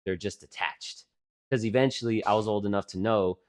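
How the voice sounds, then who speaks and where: A man's voice: lowish voice, brisk. A man in his twenties, a podcast co-host, telling rambling, profane stories in casual chat, full of fillers. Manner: rambling, profane, animated storytelling with many fillers.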